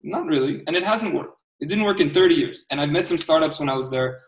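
Man, diaspora Armenian, quick emphatic delivery, echoey room, a bit off mic. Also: on the high side, animated, distant mic. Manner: passionate, emphatic, repeats words. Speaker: guest entrepreneur. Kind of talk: casual interview talk. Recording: roomy, off-mic sound.

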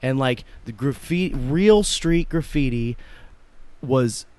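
A man's voice: mid-range voice, lively intonation, takes it slowly, a little mellow, dry recording. A man co-hosting a podcast about art, talking in a rambling, profane way with many fillers. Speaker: podcast co-host. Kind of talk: casual chat.

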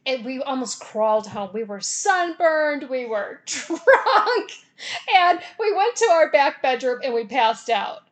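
A woman telling a funny personal story in a casual, animated way, laughing and often checking in with "okay?". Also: high voice.

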